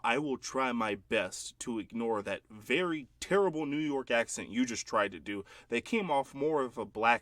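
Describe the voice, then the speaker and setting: A man hosting his own commentary video, calmly and pointedly debunking another creator's claims. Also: mid-range voice, no room sound. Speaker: channel host and editor. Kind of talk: commentary rebuttal. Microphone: phone recording.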